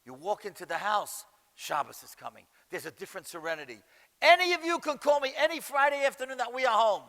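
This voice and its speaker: A man's voice: very high-pitched, sing-song, fast, sharp tone, big-room sound. A man, a rabbi giving an emphatic Torah lecture full of rhetorical questions. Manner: emphatic, rhetorical questions, Yiddish and Hebrew terms. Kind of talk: animated Torah lecture to a large gathering.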